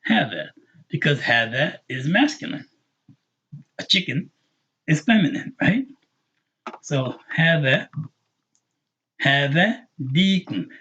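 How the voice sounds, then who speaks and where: A man teaching a live online language lesson, patiently repeating words slowly for learners. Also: on the high side, very animated, pushed and bright, slightly rough, muffled recording. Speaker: Arabic teacher.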